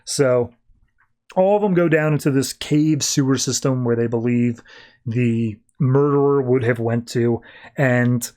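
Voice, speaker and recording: A man hosting a podcast, casually recapping a comic in a loose, slangy way with quick voiced asides. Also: mid-range voice, darkish tone. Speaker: podcast host.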